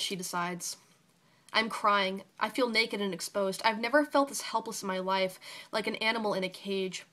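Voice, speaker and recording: A woman's voice: mid-range voice, brisk, sharp tone. A young woman reading aloud her own raw, intense personal story.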